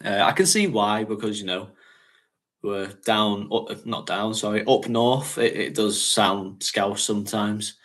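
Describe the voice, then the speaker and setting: A man's voice: fairly low pitch, measured pace, a bit bright. Chatty man. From North West England. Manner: chatty, rambling, laughs often. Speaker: fragrance channel host. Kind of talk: casual livestream chat.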